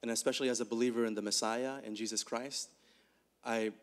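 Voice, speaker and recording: Man, pastor, mid-pitched voice, reflective, halting restarts, sermon dialogue. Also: steady tone. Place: church.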